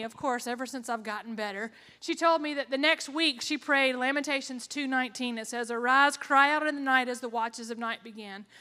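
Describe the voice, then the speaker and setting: Young woman, earnest testimony speaker, bright tone, long reverb of a hall. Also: high-pitched. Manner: earnest, emotional, with sarcastic asides. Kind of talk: personal testimony talk.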